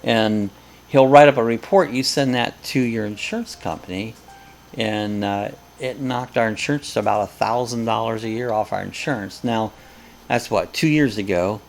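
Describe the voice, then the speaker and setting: A man's voice: on the low side, moderate pace, a little hiss or hum. A man hosting a casual live chat, rambling and joking as he tells stories. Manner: rambling, jokey storyteller.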